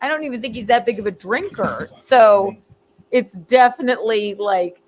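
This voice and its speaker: A woman's voice: a little high, expressive, moderate pace. A woman hosting a casual comedic commentary show, rambling and giggling as she talks, and swearing freely. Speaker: host.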